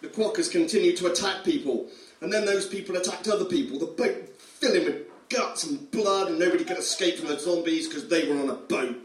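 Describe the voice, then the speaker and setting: A man's voice: on the high side, brisk, slight background noise. A man reading a comic horror story aloud, amused and chuckling often. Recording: roomy room, distant mic.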